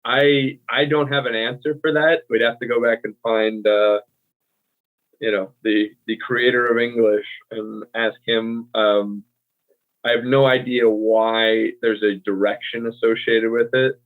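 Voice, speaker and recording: A man's voice: medium pitch, flat delivery, unhurried. An American man co-hosting a casual language chat, explaining things in a laid-back way with lots of fillers and easy laughs. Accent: General American. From United States. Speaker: co-host. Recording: tinny phone-like line.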